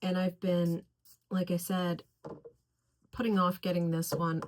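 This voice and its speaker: Woman, fragrance reviewer, unhurried, gushing, slightly low voice. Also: level tone. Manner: effusive, gushing about scents; slow, deliberate listing of notes. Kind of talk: casual product review.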